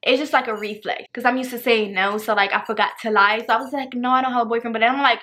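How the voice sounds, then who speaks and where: A young woman from the Washington DC area telling a dramatic, animated storytime, full of "like". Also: a little high, quick pace. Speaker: storytime vlogger. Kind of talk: casual storytime.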